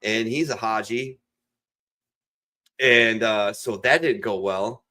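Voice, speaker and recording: A middle-aged man with a lowish voice rambles through a story in loose casual chat. He swears freely and drops into quick voices for the people in his tale. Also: bright, forceful tone. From Ohio region. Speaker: podcast regular.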